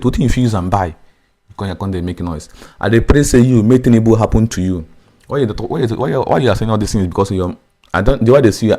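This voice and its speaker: Nigerian man, fairly low voice, emphatic, repeats himself, restarts lines, pidgin phrases. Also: a little mellow. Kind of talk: impassioned political opinion.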